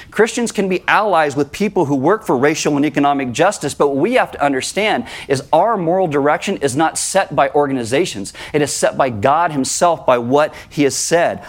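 A man, a pastor, preaching a sermon in a conversational way and acting out quotes as he goes. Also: on the high side.

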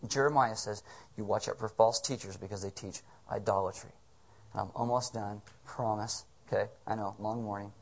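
A man's voice: fairly low pitch, steady tone, normal speed. Man preaching a casual, joking sermon. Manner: conversational, joking, asks rhetorical questions. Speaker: pastor.

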